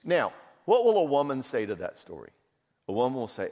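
A man's voice: lowish voice, sing-song, fairly quick, a little mellow. Conversational man in an echoey hall. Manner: conversational, storytelling, self-mocking. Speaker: marriage counselor speaking at a seminar. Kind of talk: seminar talk. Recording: long hall reverb.

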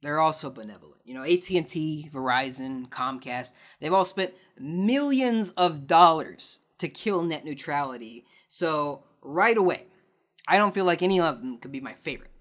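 A man's voice: a little high, animated, moderate pace, a bit bright. A man hosting a podcast, answering listener questions in a sarcastic, ranting casual chat. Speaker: podcast host.

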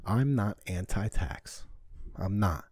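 A man rants on his own podcast, swearing freely and firing off rhetorical questions. His voice sits low and mellow. The sound is dry and close to the mic. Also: lively intonation, slow, no room sound. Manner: heated, profane, rhetorical questions. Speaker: podcast host. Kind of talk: ranting solo podcast talk.

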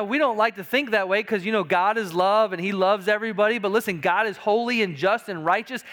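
A male pastor preaching a sermon in a church, emphatic and repetitive, slowing down on key lines and building louder toward urgent points. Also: high-pitched. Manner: emphatic preaching, repeats key phrases and often says "listen". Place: church sanctuary.

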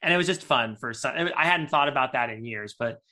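A man's voice: mid-range voice, expressive, a little fast, pushed and bright. A man in casual chat, talking with eager enthusiasm and rambling through restarts.

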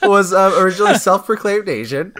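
A man's voice: sits high, animated, quick pace, very noisy. A man hosting a podcast, teasing his co-hosts and joking around in casual banter, often stumbling over his words. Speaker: podcast host.

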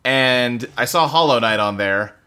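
A podcast co-host chats casually about video games from a home office in his bedroom, recorded on a desktop computer setup. His bright, mid-range voice is clear and resonant at a measured pace, and he rambles loosely and profanely with lots of fillers.

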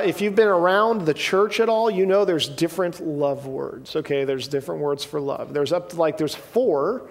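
A man giving a sermon in a casual, conversational way, often checking in with the room. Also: high voice. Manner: conversational, asks the room "right?" and "okay?". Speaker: pastor. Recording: long reverb of a hall.

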